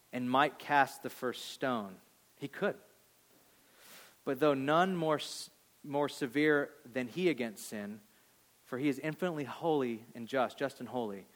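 A male pastor delivering a sermon, building to loud emphatic peaks and dropping to hushed quoted lines, acting out voices from the story. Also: medium pitch. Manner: acts out voices of people in the story.

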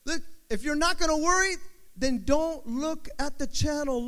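Male pastor, emphatic repetitive preaching, high voice, reverberant church. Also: measured pace, bright, forceful tone. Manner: call-and-response, emphatic repetition. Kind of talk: sermon. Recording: long hall reverb.

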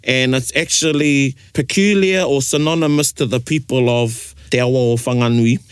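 A man's voice: mid-range voice, normal speed, smooth, dry recording, clean studio sound. A man with a New Zealand accent hosting a casual podcast chat, explaining phrases in a playful way and mixing in Māori words. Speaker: podcast host.

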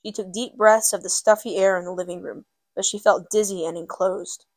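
Measured woman narrating a novel. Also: medium pitch, fairly even intonation, no room sound. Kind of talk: audiobook narration.

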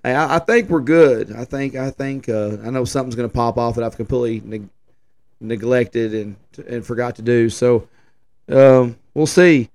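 A man's voice: medium pitch, normal speed, darkish tone. A man, hosting a podcast and telling a long, rambling story in a casual, folksy way, full of fillers and restarts. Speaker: podcast host and festival organizer.

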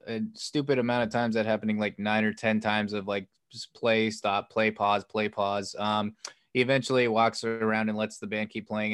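A man's voice: on the low side, fairly bright tone, smooth, no echo. A man co-hosting a podcast, casually recounting a story in a loose, rambling way full of "like" and "um". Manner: loose and rambling, heavy use of "like" and "um"; acts out quoted lines with a lifted voice. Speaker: podcast co-host. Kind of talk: casual chat recounting a film plot.

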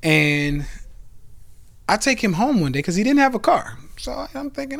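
A man in his thirties hosting his own podcast, talking through a casual motivational monologue that jumps from loud bursts to low asides, with the odd curse. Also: animated, fast. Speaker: podcast host and investment club founder.

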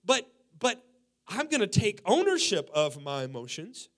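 A man in his forties, a pastor, preaching a sermon in an animated way, acting out quotes and laughing along with his own points. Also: high-pitched, measured pace. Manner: animated preaching, quoting people in acted voices, laughing.

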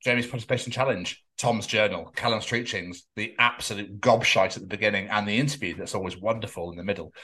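A man's voice: fairly low pitch, quick pace, few pauses, bright, forceful tone, slightly rough. A man co-hosting a podcast in casual chat, with crude, teasing banter and frequent laughs. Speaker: podcast co-host.

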